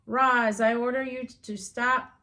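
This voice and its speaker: A woman's voice: a little high, fairly even intonation, unhurried, pushed and bright. A woman voicing a bossy, cheeky young girl in a storybook reading.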